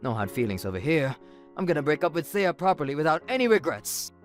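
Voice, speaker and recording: A man's voice: on the high side, sing-song, quick pace, faint music behind. A man playing a stammering cheating husband. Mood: sheepish. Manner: stammering, hesitant. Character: cheating husband, evasive and sheepish.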